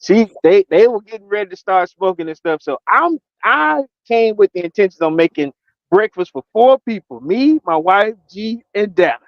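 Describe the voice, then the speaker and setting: A man co-hosting a live show, telling a story in a relaxed chat, acting out what people said and laughing often. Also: sits high, moderate pace, no room sound, highs cut off. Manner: animated storyteller, acts out quotes, laughs often. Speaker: podcast co-host.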